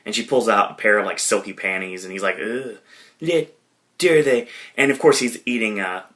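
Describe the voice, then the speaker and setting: Bright-voiced man rambling through a recap. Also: on the low side, quick pace. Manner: rambling, many fillers and self-corrections. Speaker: podcast host. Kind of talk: casual film recap.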